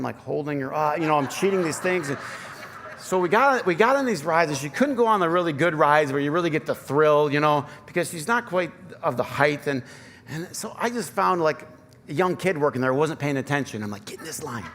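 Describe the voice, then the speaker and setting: A man's voice: a little high, a bit bright, a little hiss or hum. A man in his thirties preaching a conversational, self-deprecating sermon with personal stories, in a Michigan accent. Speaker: pastor. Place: church sanctuary. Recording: long church reverb, faint ambience.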